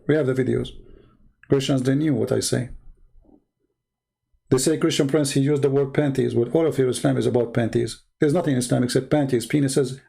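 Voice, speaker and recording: Blunt, gravelly-voiced man. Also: medium pitch, warm tone. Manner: blunt, combative, repetitive. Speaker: host. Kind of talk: livestream commentary.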